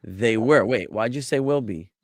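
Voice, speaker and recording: A man's voice: medium pitch, normal speed, a little mellow, no room sound. A man teaching Biblical Hebrew grammar to a class, patiently drilling word forms and quizzing his students with questions.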